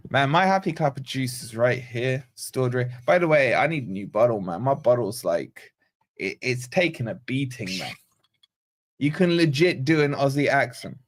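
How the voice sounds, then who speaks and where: A man from Scotland hosting a live football watch-along, animated and nervous, reading out chat messages and gifts. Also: medium pitch, moderate pace. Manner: animated, excitable, reads chat aloud. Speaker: fan channel host.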